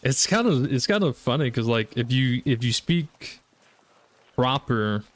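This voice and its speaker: A man's voice: mid-range voice, expressive, unhurried. A young man with a Southern US accent, chatting casually and rambling to his viewers while he plays on a gaming livestream. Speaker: gaming streamer.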